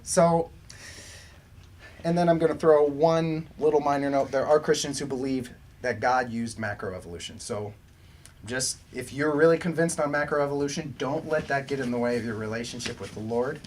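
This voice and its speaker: A man's voice: medium pitch, moderate pace, darkish tone, slight background noise. Man teaching a casual youth Bible lesson. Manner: chatty, conversational, with asides and questions to the group.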